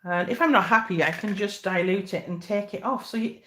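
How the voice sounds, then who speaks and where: A woman's voice: mid-range voice, brisk, sharp tone, a little hiss or hum. A middle-aged woman giving a live cake decorating demonstration, chatty and encouraging with many fillers.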